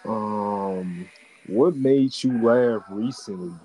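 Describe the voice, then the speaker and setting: Laid-back young man, low slow voice. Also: dark tone, a little hiss or hum, poor audio. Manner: laid-back, asks questions from a list, brief replies. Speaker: podcast host. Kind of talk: casual chat.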